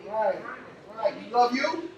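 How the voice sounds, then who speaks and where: A man hosts a live event, firing call-and-response at the crowd and drifting into loose, preachy stories in a high voice. The sound is roomy and distant, with faint noise behind it. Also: lively intonation, slow, highs cut off. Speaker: event host. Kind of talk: motivational talk to a live audience. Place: event venue before a crowd. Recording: echoey room from far off, faint noise.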